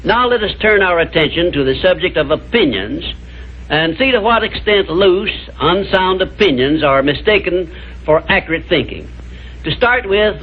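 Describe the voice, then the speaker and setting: Husky man lecturing over a tinny line. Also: a little high. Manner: measured, emphatic, didactic. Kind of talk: motivational lecture. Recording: tinny lo-fi archival recording.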